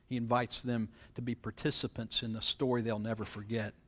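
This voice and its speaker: A man's voice: mid-range voice, flat delivery, fairly quick, a bit bright. A man preaching, reading scripture aloud and explaining it, often turning to the listeners with questions. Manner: expository, reads scripture then explains it; asks the congregation rhetorical questions. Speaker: pastor. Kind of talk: sermon.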